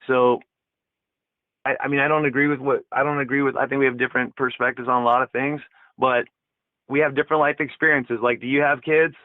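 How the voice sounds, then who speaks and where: A man's voice: mid-range voice, little pitch movement, a little fast, no echo. A man calling into an online debate, hesitant and rambling, full of fillers. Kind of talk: casual debate. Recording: tinny dry call line.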